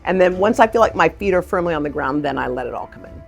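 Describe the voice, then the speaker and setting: A middle-aged woman, a TV morning show host, chatting in an interview with effusive, excitable exclamations. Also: on the low side, fast, creaky, faint music behind. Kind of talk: casual interview chat. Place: sports event venue.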